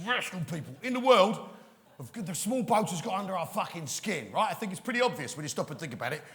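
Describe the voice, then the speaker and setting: A ranting male stand-up comedian with a bright, forceful, gravelly voice that swoops all over the place. He swears freely and keeps badgering the crowd for agreement. His voice rings with the long reverb of a large live venue, caught on a handheld stage mic. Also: high-pitched. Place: large theatre with a live audience.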